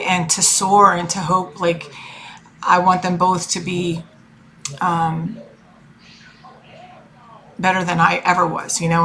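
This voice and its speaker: A woman in her forties, a tarot reader and life coach, speaks in a somewhat bright voice on the low side. In a personal vlog she talks about her family, emotional and rambling, with lots of fillers and restarts.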